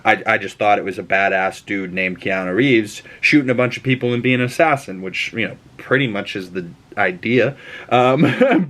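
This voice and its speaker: A young man giving a casual movie review, rambling and excitable, with plenty of cursing. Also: on the low side.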